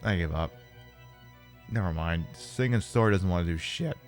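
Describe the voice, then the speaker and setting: Low-pitched and moderately paced, a male streamer narrates his gameplay with sarcasm and lots of swearing, talking straight to on-screen enemies and weapons. Game music fills the background.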